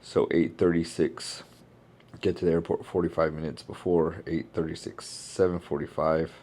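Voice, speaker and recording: Very deep-voiced man vlogging casually. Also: little pitch movement, normal speed, darkish tone. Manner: rambling, thinking aloud. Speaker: keynote speaker vlogging his travel. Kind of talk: casual vlog chat.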